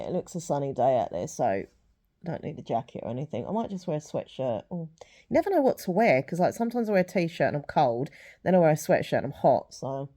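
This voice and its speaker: A woman's voice: sits low, warm tone. A woman vlogging in a rambling, apologetic casual chat, emotional and close to tears, with sighs.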